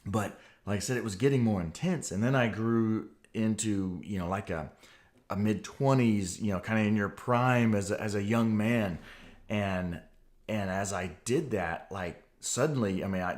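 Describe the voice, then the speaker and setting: A man in his forties with a fairly low voice tells a personal testimony on a podcast. He speaks earnestly and with animation, like someone reliving what happened to him. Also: moderate pace, a little mellow. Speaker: podcast host.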